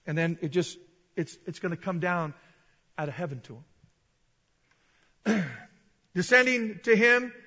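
A man preaching a sermon in an animated way, acting out voices and rising to loud shouted peaks. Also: high-pitched, in a large hall, muffled recording.

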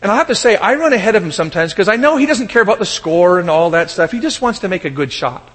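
A man preaching a sermon, telling lively humorous stories and acting out the people in them. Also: high voice, fast talker, long reverb tail. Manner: animated storytelling, shouting in character. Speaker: pastor.

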